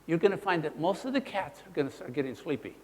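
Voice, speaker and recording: A man leads a teaching seminar in a presentation room, talking fast and animatedly acting out his points in little character voices. His voice sits a bit high for a man and swoops widely from phrase to phrase, with a long echo from the hall trailing each sentence.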